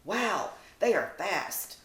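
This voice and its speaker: A woman voicing two excitable little girl puppy sisters with squealing, startled outbursts, recorded in an echoey room. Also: mid-range voice, extremely slow, full character voice. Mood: excited alarmed. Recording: roomy echo.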